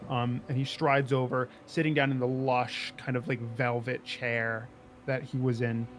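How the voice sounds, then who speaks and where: A man's voice: medium pitch, flat delivery, measured pace, slight background noise. A man narrating as game master in a loose, easygoing way full of fillers.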